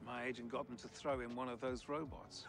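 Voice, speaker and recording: Actor playing a breezy Hollywood film star. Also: male voice, medium pitch, level tone, brisk, natural voice. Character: charming male Hollywood film actor at a party. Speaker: character in a TV drama clip. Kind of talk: TV drama acting.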